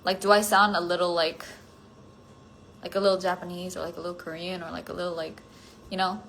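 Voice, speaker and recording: A woman's voice: on the low side, level tone, fairly quick, a bit bright, a little hiss or hum, low-quality recording. A woman chatting casually on a phone livestream, answering fan comments. She is giggly and self-conscious, with lots of "like" fillers.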